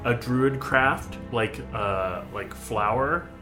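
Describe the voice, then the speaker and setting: A man's voice: mid-range voice, takes it slowly, music in the background. A man chatting and joking as a player in a tabletop game, laughing often.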